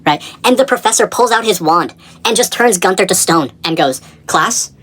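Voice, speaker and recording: A woman narrating comedic point-of-view sketches in an excitable storytelling manner, addressing the listener directly. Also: medium pitch, brisk.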